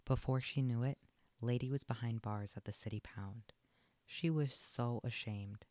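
A man narrating a children's storybook aloud in an expressive, lilting read. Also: mid-range voice, unhurried, dry recording.

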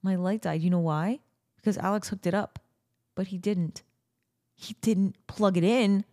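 A woman hosting a podcast in a casual, chatty way, playful and quick to break into silly asides. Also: mid-range voice, fairly even intonation, darkish tone. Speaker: podcast host. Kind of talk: casual chat.

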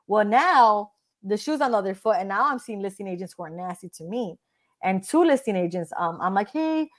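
A woman realtor talking casually in an interview, blunt and animated, often acting out what other people said. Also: mid-range voice.

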